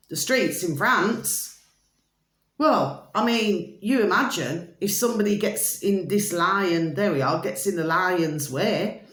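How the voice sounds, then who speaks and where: With a fairly bright, medium-pitched voice, a woman from Birmingham vlogs to camera in a relaxed, rambling way, leaning on fillers and pet names for her viewers. There's noticeable reverb in the audio.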